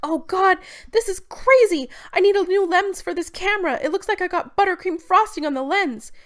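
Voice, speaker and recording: A woman voicing a starstruck young female fan and photographer, excitable and exclaiming. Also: extremely high pitch, normal speed, voice pushed up. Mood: frantic.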